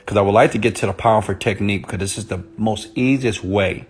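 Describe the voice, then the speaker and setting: A man speaking softly and intimately on a live stream, greeting viewers by name as a motivational speaker. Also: fairly low pitch, fast. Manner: soft, intimate on purpose; chatty, greets commenters by name.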